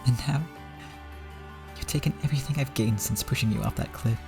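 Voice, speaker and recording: A man's voice: mid-range voice, fairly quick, gravelly, over music, pitched above the performer's own voice, lightly acted. A man reading aloud as a proud middle-aged woman, bitter and anguished, accusing and then pleading. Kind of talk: reading a visual novel aloud.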